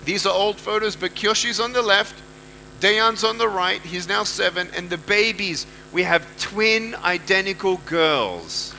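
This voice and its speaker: A man's voice: high-pitched, animated, a little slow, creaky, bright, forceful tone, a little hiss or hum, low-quality recording. A man giving a motivational speech to a live audience, emphatic, repeating key phrases and putting questions to the listeners. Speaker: motivational speaker.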